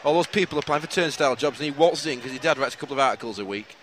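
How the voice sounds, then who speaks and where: A man co-hosting a casual football podcast, teasing and quick with banter. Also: medium pitch, a bit bright, a little hiss or hum. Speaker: podcast co-host. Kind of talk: casual chat.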